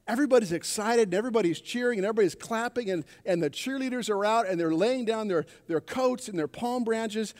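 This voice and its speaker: A male pastor delivers a sermon with a fairly high voice, calling out to his congregation for responses. The sound carries the long echo of a church sanctuary. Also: darkish tone. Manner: preaching with call-and-response to the congregation. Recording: long reverb of a church hall.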